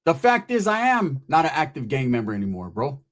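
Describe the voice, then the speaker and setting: A man's voice: medium pitch, wildly swooping pitch, a little fast. A man hosting his own channel, delivering a profane, taunting roast of a rival in a casual, street-slang rant to the camera. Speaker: channel host.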